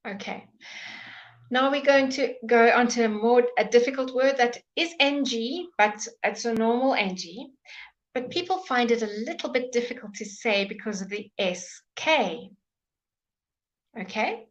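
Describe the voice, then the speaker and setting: A woman's voice: on the high side, animated, measured pace, lo-fi sound. A woman teaching English pronunciation in a live online lesson, patiently repeating each word many times.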